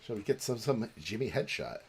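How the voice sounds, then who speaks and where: A man co-hosting a charity podcast livestream in casual chat, rambling and halting with many restarts and easy laughs. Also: medium pitch, expressive, darkish tone, slightly rough. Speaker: podcast co-host running a charity stream.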